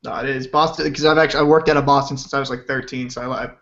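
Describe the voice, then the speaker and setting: A man's voice: mid-range voice, fairly even intonation, racing, a bit bright. A young man from Rhode Island, a podcast guest who jokes brashly and swears a lot. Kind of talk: casual podcast chat. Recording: dull lo-fi voice chat audio.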